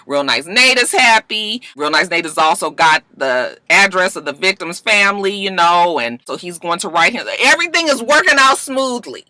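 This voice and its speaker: A woman's voice: mid-range voice, pushed and bright, no room sound. A young woman recapping a TV episode in a casual vlog, emphatic and exclaiming, drawing out words. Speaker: TV recap vlogger.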